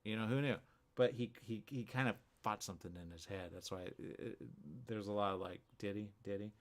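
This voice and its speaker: A man hosting a radio morning show, talking casually in a rambling, animated way full of restarts and asides. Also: fairly low pitch, fairly quick. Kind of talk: casual talk show monologue.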